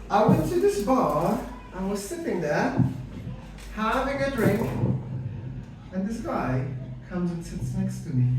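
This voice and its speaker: A middle-aged man from Afghanistan doing stand-up comedy with dry, deadpan delivery, full of hesitant fillers and some crowd work. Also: sits high, noisy background. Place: comedy club stage. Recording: echoey room mic heard from a distance.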